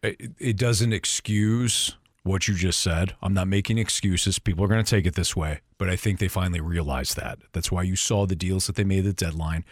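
A man's voice: deep voice, steady tone, brisk, hardly any pauses, no room sound, studio quality. A man hosting a sports talk show, arguing his points emphatically and repeating them for stress. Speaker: sports radio host.

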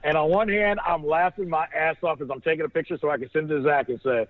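A man's voice: a little high, steady tone, quick pace. A man telling a rambling story, full of restarts and laughter, as a podcast co-host. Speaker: podcast co-host on a phone line. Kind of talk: casual storytelling chat. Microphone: phone. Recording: tinny phone line.

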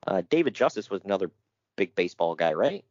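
A man's voice: low-pitched, sing-song, fast talker, a little mellow, no room sound, dull audio. A man co-hosting a casual chat, reading out notes with jokes and frequent laughter. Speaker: podcast co-host.

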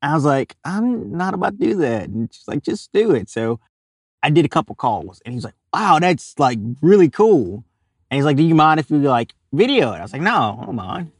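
A young man from Louisiana, an animal caller with a drawl, narrates a story as an interview guest, laughing while he acts out the others involved. His fairly high voice is very animated, brisk, and slightly rough. It comes across close and dry, with no echo.

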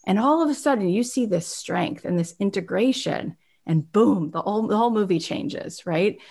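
A woman giving an expressive, animated motivational talk on personal growth. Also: mid-range voice, moderate pace, husky. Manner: expressive, acts out little scenes.

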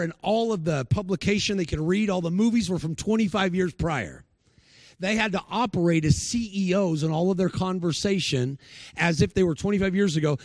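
A man's voice: on the high side, darkish tone, no room sound. A male preacher giving a sermon, telling stories and acting out the people he quotes. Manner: storytelling, acts out the people he quotes.

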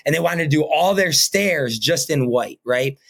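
A man's voice: fairly high pitch, lively intonation, normal speed, a bit bright. A man talking casually as a podcast guest, earnest and rambling, often tagging his sentences with "right?" and "you know what I mean?". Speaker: podcast guest, painting company owner. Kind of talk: casual interview talk.

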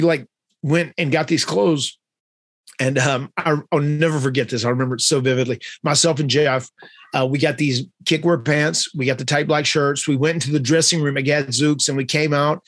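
This podcast host tells stories animatedly in conversation, acting out what other people said in different voices. His voice sits a little high and moves at a moderate pace, with no echo.

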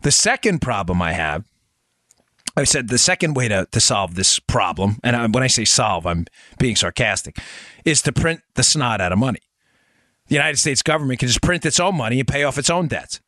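A man's voice: big pitch swings, normal speed, bright, forceful tone, no room sound, clean studio sound. A man hosting a political commentary podcast, speaking emphatically and sarcastically straight to his listeners. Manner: emphatic, talks directly to listeners as folks; sarcastic asides, rising pitch when worked up. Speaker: podcast host.

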